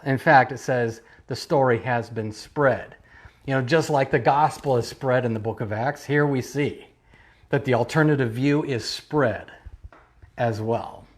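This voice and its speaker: A man's voice: mid-range voice, darkish tone. A man, a pastor, preaching an online sermon with emphatic repetition and rhetorical questions. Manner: emphatic, repeating key phrases, rhetorical questions. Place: church, streamed online.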